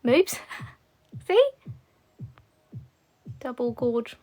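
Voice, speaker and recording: A woman's voice: a little high, steady tone, moderate pace, long pauses, soft background music. A young woman, chatting casually to a livestream audience while doing her makeup at home. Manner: chatty, rambling, with frequent fillers. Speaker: beauty content creator.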